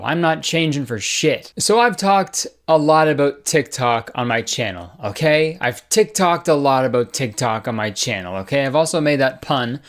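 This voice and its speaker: A man's voice: medium pitch, animated, normal speed, few pauses, slight background noise. A young man giving casual, sarcastic comedy commentary as a YouTuber, swearing, laughing often and saying "dude" a lot. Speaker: comedy YouTuber reading fan fiction aloud.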